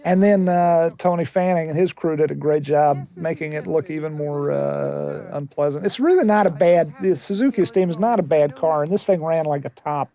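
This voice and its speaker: Gravelly, slightly high-voiced man. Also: moderate pace, hardly any pauses, dark tone. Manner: chatty, frequent "uh" fillers, laughs along. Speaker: writer and director giving commentary. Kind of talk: DVD commentary chat.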